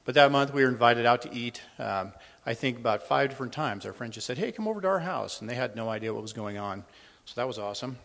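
This is a middle-aged man giving a personal testimony to a church congregation, his mid-range voice fast, animated, a bit bright, and touched with vocal fry. He speaks conversationally and somewhat nervously, often saying um and restarting sentences. Long reverb from the church hall surrounds him.

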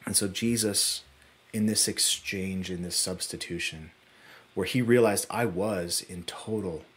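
Husky-voiced man preaching earnestly. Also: unhurried. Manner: earnest, swinging between hushed low phrases and rising urgent peaks. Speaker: pastor. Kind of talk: sermon.

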